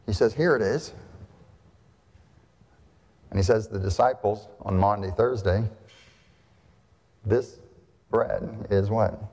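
A man's voice: lowish voice, slow pace, pauses often, a little mellow. Man, pastor, conversational sermon delivery full of rhetorical questions, church hall with a long echo. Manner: conversational, asks rhetorical questions, frequent "right?". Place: church sanctuary.

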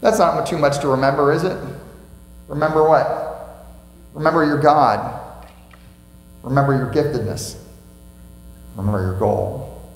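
Emphatic pastor preaching in an echoing hall. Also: male voice, a little high, moderate pace, pauses often. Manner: emphatic, asks the congregation questions and repeats key phrases. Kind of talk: sermon. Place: church sanctuary. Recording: echoey church hall with faint mains hum.

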